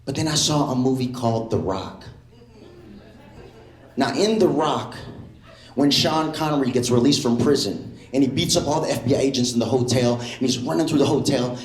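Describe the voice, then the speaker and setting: A man doing a stand-up comedy set in a comedy club, animated and jumping into loud impressions. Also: medium pitch, moderate pace, echoey room.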